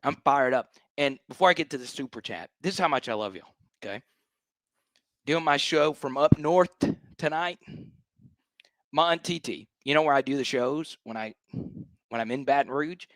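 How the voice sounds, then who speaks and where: Male fan-show host, hyped rant, very lively delivery, dry close sound. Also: on the high side, normal speed, long pauses, no echo. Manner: hyped, animated, repeats himself for emphasis. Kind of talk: fired-up livestream fan rant.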